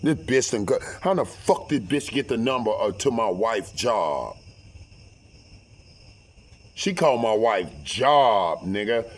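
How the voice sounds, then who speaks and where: A middle-aged man telling a story casually, profane and animated, acting out the voices. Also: fairly low pitch, takes it slowly, pauses often. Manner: profane, animated, acts out every voice.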